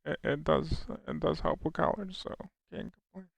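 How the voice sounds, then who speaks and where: A man's voice: a little high, wildly swooping pitch, normal speed, creaky, no room sound. A young American man casually chatting on his live stream, reading viewers' questions aloud and answering them with frequent restarts. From United States. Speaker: livestreamer.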